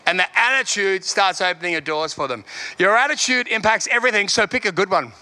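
Bright high-voiced male preacher. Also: fairly quick. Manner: lively, repeats key lines, chuckles between points. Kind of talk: sermon.

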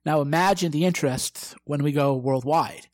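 A man's voice: on the high side, normal speed, no echo. A brash man, likely in his twenties, giving a profane motivational talk and acting out quoted exchanges. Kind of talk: direct-to-camera motivational talk.

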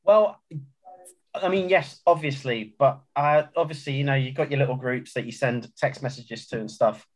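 A man's voice: medium pitch, moderate pace. A man talking football on a casual podcast, rambling and hesitant with many restarts. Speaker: podcast guest.

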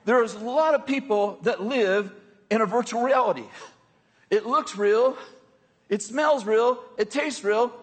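A man's voice: high voice, husky. An American man preaching a sermon in a conversational, joking way, often checking in with his listeners.

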